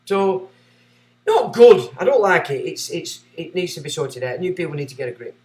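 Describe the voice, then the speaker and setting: Very animated and speaking at a normal pace, a livestream host with a fairly high voice rants sarcastically and reads viewers' chat aloud. His volume swings between loud and muttered. The mic is distant, and the room sounds echoey.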